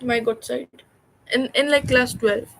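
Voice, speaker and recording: A woman's voice: a little high, fairly even intonation, unhurried, vocal fry, fairly bright tone, rough recording. A young woman, reading a textbook aloud on a study livestream and breaking off for jokey, cussing asides. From India. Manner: distracted and chatty, breaks off reading for joking, swearing asides. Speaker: student livestreamer.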